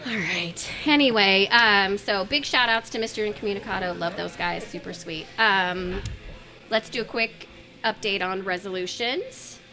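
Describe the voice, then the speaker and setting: A woman hosting a podcast in casual chat, chatty and quick to laugh. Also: medium pitch, sharp tone, faint music behind. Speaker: podcast host.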